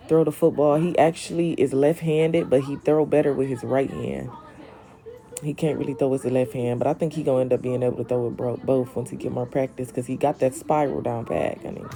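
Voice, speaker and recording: A young woman with a deep, dark voice hosts a casual livestream from home, reading comments and chatting with viewers. She's sassy with them, calling them honey and queen.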